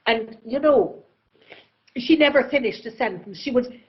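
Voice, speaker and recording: A woman from England speaking in an interview, theatrical and expressive, slipping easily into other voices. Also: on the high side, a little slow, pauses often, lo-fi sound. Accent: English. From England, born in Oxford. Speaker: actress, festival guest. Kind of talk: conversational interview.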